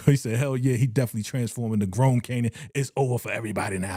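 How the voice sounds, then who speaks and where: A man hosting a live stream, reacting to a TV episode, reading the chat and acting out scenes with animated energy. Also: medium pitch, quick pace, background noise. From New York. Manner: animated, reads chat aloud, acts out scenes.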